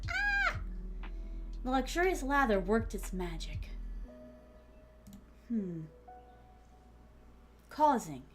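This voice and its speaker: Woman streamer, slightly high, playful, mutters drafts aloud; soft music under her. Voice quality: slight put-on accent. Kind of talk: casual writing stream.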